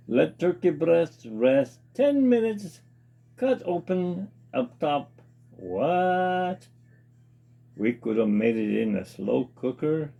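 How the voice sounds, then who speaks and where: A man with a slightly high, warm voice and some vocal fry hosts his own laid-back cooking demo in a home kitchen. He chats as he goes, reading the package instructions aloud and adding his own remarks.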